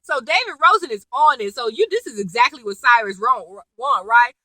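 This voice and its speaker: Bright high-voiced chatty woman. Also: lively intonation, normal speed, no room sound, low-quality recording. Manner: chatty, gossipy retelling full of asides. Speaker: TV episode reviewer. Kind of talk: casual recap vlog.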